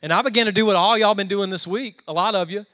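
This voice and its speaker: Southern preacher, young man, high-ish bright voice, chatty storyteller who quizzes the room. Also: fast talker. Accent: Southern American. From Southern United States. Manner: storytelling, conversational, asks the crowd questions. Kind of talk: sermon. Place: church before a congregation.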